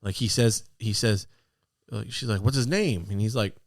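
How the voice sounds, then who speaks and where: A man's voice: lowish voice, normal speed, no room sound, clean studio sound. A man co-hosting a podcast, telling stories animatedly and laughing often. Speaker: podcast co-host. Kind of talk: casual chat.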